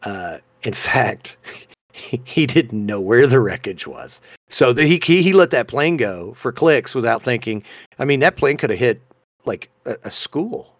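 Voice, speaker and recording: Animated, laughing podcast guy. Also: mid-range voice, a little slow, no echo, studio quality. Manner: animated, laughs often, reads news stories aloud. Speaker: podcast co-host. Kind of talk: casual podcast chat.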